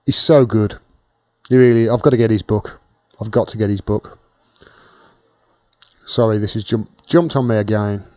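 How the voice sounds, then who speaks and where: A man's voice: fairly low pitch, steady tone, moderate pace, long pauses, darkish tone, no echo, lo-fi sound. A British man hosting a casual live-stream Q&A, chatting and thanking viewers by name as he reads their comments.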